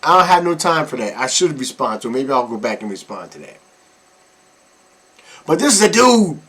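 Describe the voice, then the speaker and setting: A man giving animated, mocking reaction commentary as a vlogger. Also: medium pitch, moderate pace, breathy edge.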